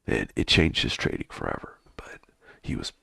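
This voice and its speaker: Male stream host, casual, profane, gravelly and low, drifts into half-whispers, very swingy intonation. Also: very animated, moderate pace, bright, forceful tone, no room sound, studio quality. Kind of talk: casual live-stream chat.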